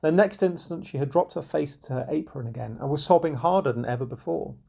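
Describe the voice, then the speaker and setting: Gravelly-voiced man reading a storybook tale. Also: on the high side, mellow. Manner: measured, unhurried storytelling. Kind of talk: scripted storybook narration.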